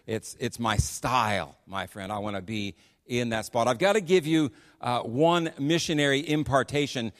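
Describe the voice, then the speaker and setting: A middle-aged American man, a missionary preacher, telling stories in a sermon in an animated, chatty way with frequent restarts. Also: mid-range voice, moderate pace. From United States. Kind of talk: sermon with storytelling. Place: church sanctuary on a PA system. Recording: long reverb of a church hall.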